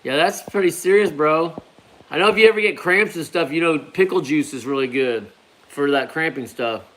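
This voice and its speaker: A man chats casually on a live stream, his voice sitting a little higher than most men's. He rambles in an easygoing way and drops "man" and "bro" into his sentences as he reads viewer comments. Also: normal speed, a bit bright. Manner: laid-back, rambling, peppers talk with "man" and "bro". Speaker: hot pepper grower hosting a live stream.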